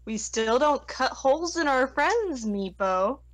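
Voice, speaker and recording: A woman's voice: high-pitched, expressive, measured pace, no room sound. A woman playing a tabletop game, talking bluntly and matter-of-factly. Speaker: player. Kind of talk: casual tabletop play.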